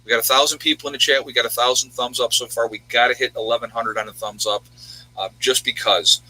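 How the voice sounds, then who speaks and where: A man's voice: medium pitch, steady tone, quick pace, bright, forceful tone, low-quality recording. A man hosting a casual livestream, chatting with viewers and rambling through their home towns. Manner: rambling, reads out viewers' locations. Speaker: livestream host.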